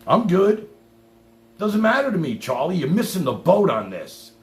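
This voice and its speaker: A man's voice: a little high, very animated, brisk. A man hosting a livestream and ranting at a caller in a sarcastic, profane, combative way. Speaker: livestream host. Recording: echoey room with faint hum.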